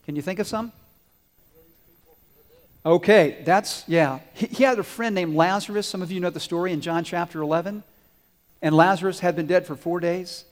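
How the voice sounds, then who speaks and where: A man giving a children's sermon, asking the kids questions and telling stories, growing loud at the climaxes. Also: high voice, normal speed, long pauses. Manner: asks the kids questions and waits for answers; animated storyteller, swells loud on climaxes. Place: church sanctuary. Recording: long hall reverb.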